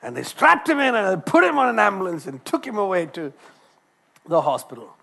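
A man preaches a sermon in a high, animated voice. He tells a personal story as he goes. He often repeats words and starts his phrases over. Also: brisk, vocal fry. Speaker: doctor.

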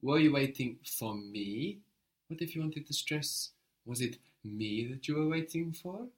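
A man leads a language lesson at an even middle pitch. He prompts his learner, then repeats each answer slowly and patiently. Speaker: language teacher.

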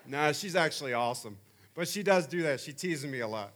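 Bright-voiced man in his forties preaching. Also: a little high, brisk, slight background noise. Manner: animated, chatty storytelling. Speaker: camp speaker. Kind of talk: sermon.

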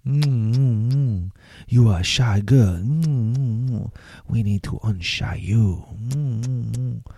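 A man's voice: mid-range voice, takes it slowly, creaky, mellow, slightly rough, no echo, clean studio sound, full character voice. A man putting on a male cartoon skunk with a mock French accent, crooning and humming between the phrases. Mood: amorous.

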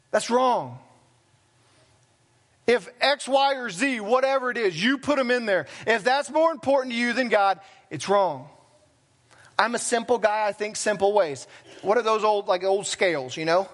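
A man's voice: high voice, moderate pace, a bit bright. A man preaching a sermon as pastor, talking plainly and conversationally with self-deprecating asides. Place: church sanctuary.

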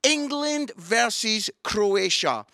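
Middle-aged Scottish man, comic preacher, high and lively, loud outbursts. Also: slow pace, vocal fry, no echo, studio quality. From Scotland. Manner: animated, breaks into loud exclaiming. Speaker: comedian and preacher. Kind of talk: comic sermon with storytelling. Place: at home.

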